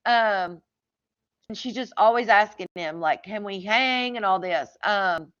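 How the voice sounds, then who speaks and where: A woman's voice: mid-range voice, a little slow, fairly bright tone, clear, resonant tone. A woman chatting casually about a true crime case, reading out text messages with lots of "like" and incredulous asides. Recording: slightly dull lo-fi audio.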